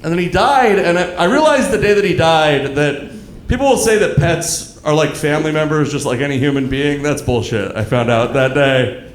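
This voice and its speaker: A man in his thirties performing a stand-up comedy set, telling dark stories in a deadpan way with asides to the audience. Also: a little high, normal speed, slight background noise. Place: comedy club stage, live audience. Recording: echoey club room with crowd laughter.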